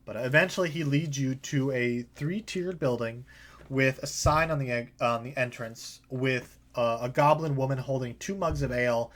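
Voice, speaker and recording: Male game master, relaxed narration, mid pitch, lots of "uh" and "like". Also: moderate pace. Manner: casual, filler-heavy narration.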